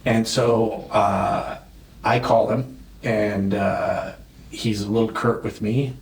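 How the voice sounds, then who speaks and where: A man, a real estate expert and podcast guest, tells stories in an animated way and acts out his conversations. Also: on the low side, slow, slight background noise. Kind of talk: storytelling interview talk. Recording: roomy echo.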